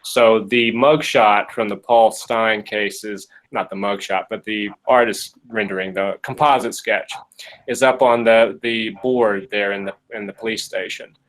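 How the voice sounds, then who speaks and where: A man's voice: on the low side, measured pace, poor audio. Jokey man telling a story. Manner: jokey, animated, acts out quotes. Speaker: podcast host. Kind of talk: casual storytelling.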